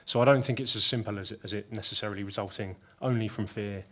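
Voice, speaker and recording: Slightly low-voiced male panelist, careful and hedging, measured delivery. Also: steady tone, fairly bright tone. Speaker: panel speaker. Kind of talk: panel debate remarks.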